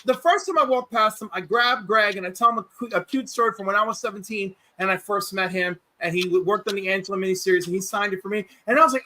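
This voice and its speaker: A man hosting a livestream, telling stories in a casual, animated way and acting out quotes. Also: sits high, fast, few pauses, low-quality recording. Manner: animated, acts out quotes, many restarts. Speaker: livestream host. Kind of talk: casual storytelling chat.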